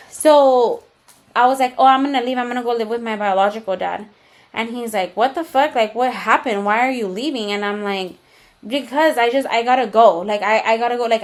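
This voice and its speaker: A young woman co-hosting a casual podcast, her voice sitting a little higher than most. She tells a long personal story openly, swearing freely and slipping into Spanish slang now and then. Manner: candid and profane, mixes in Spanish slang. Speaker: podcast co-host.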